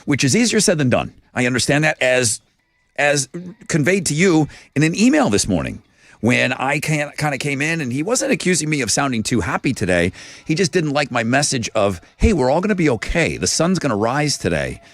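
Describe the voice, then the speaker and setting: A man's voice: medium pitch, big pitch swings, a little fast, no echo. A man hosting a morning radio show, joking with co-hosts in a studio and doing live ad reads.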